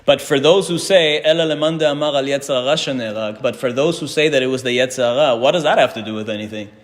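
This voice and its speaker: A man's voice: mid-range voice, fast. A man teaching a Talmud class, reading Hebrew and Aramaic passages aloud and explaining each one in English while putting questions to his students. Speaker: Torah teacher. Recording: reverberant hall.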